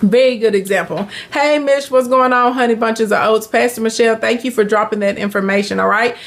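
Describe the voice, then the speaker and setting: A woman's voice: fairly high pitch, a little fast. A woman with a Southern US accent hosting a casual live business Q&A, chatty and upbeat, greeting viewers by name and calling them honey. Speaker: live-stream business coach.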